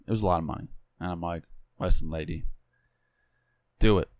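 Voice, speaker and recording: A young man co-hosting a podcast, telling stories quickly in casual chat and acting out quoted dialogue. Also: sits low, dry recording, studio quality. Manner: fast, animated storytelling with quoted dialogue. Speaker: podcast co-host.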